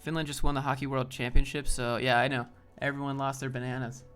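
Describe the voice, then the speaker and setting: A man hosting a live stream chats loosely, rambling and answering viewers' comments as they come in. His voice sits at an everyday middle pitch. Faint music plays quietly in the background. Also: level tone, clear, resonant tone. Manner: rambling, loose, quick asides to chat. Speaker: livestream host. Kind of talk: casual live stream chat, reading chat.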